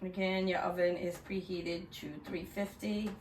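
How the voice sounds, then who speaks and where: A woman's voice: fairly low pitch, little pitch movement, normal speed, background noise. A woman hosting a casual cooking vlog, chatty and talking while she eats. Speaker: cooking vlogger.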